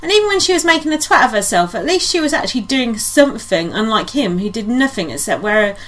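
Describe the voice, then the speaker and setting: A woman co-hosting a podcast in casual chat, blunt and sweary with quick rants. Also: on the high side, sing-song, fairly bright tone. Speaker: podcast co-host.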